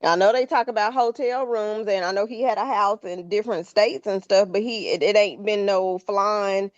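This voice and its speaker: A woman's voice: medium pitch, normal speed, dry recording. Frank woman co-host, slightly dull sound. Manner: frank, opinionated, informal speech. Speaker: podcast co-host. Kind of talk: casual chat.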